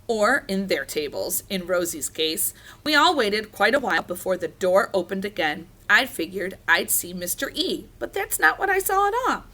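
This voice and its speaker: A woman reading a children's storybook aloud, animated and expressive. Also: medium pitch. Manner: animated, doing character voices. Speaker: reader.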